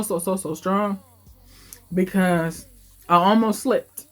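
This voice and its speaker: A woman's voice: mid-range voice, fairly even intonation, slow pace, faint music behind. A woman in her late twenties giving an emotional, heartfelt life update in her vlog, talking in a casual, confiding way. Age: late 20s. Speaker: vlogger.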